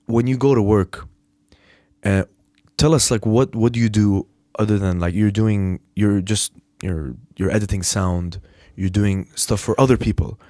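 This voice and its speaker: Un hombre que presenta un pódcast de entrevistas, en tono casual y conversador, riendo a menudo. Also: male voice, on the low side, steady tone, mellow, dry recording, clean studio sound. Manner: casual, chatty, quick to laugh. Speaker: podcast host. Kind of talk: casual podcast interview.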